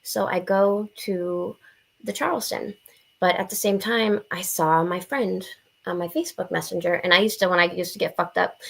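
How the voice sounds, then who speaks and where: A young adult woman telling a story on a podcast in a blunt, profane, animated way, acting out the quotes. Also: fairly low pitch, gravelly. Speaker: podcast guest. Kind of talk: casual storytelling.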